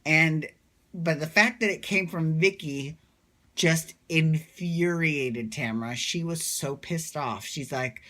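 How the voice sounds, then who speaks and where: A man's voice: fairly high pitch, slow, sharp tone. A man recapping a reality show in a casual, rambling, gossipy vlog, full of fillers and asides. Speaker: recap vlogger. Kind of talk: casual chat.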